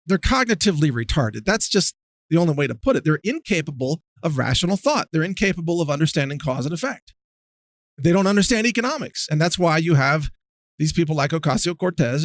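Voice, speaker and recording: A man's voice: on the high side, lively intonation, fairly quick, dry recording, studio quality. A man hosting a podcast, delivering a sarcastic, mocking political rant. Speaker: podcast host. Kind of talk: ranting political monologue.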